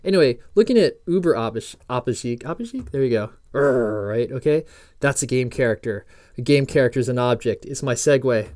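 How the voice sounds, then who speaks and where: A man's voice: mid-range voice, lively intonation, brisk, a little mellow, dry recording, studio quality. Rambling jokey man teaching code. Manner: rambling, self-interrupting, jokey asides while reading docs aloud. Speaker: programming course instructor. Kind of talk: casual screen-recorded tutorial.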